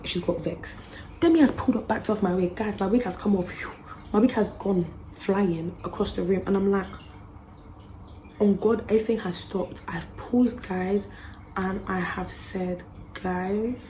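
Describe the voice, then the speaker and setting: A young woman telling a story on her vlog, slangy and animated, acting out the quotes. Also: medium pitch, moderate pace, a little hiss or hum. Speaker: YouTuber.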